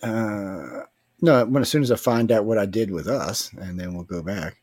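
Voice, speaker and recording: A man's voice: on the low side, normal speed, a little mellow, breathy edge, no room sound. A man with a Louisiana accent hosts a casual livestream in a loose, joking way, chatting and reading comments. His voice is close and dry on the mic, with no room sound behind it. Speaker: podcast host.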